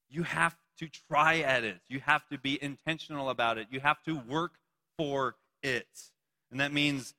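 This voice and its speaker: A man's voice: on the high side, bright, forceful tone, big-room sound. A young man preaching a sermon to a youth group, playful and joking between points. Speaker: youth pastor.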